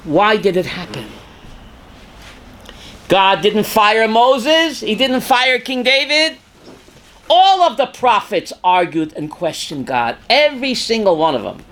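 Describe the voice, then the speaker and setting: An older man, a rabbi teaching a class, reads scripture aloud with dramatic force, sometimes shouting, and questions his students. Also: high-pitched, sing-song, slow pace, slight background noise. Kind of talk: Torah class lecture.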